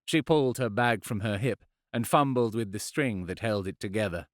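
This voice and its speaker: A man narrating a fantasy audiobook in a measured, expressive storytelling manner, on a close studio mic. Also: lowish voice, dry recording.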